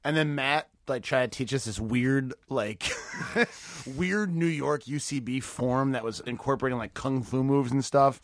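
A man's voice: medium pitch, moderate pace, no echo, studio quality. A man in his thirties telling stories in casual podcast chat, laughing often and swearing freely. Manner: lively storytelling with frequent laughs and swearing. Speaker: comedian guest.

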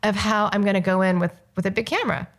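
This is a woman being interviewed, recounting a story casually. She brings it to life by acting out each line of dialogue. Her voice sits at an everyday middle pitch. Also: steady tone, fast, fairly bright tone. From Los Angeles, United States. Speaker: guest filmmaker.

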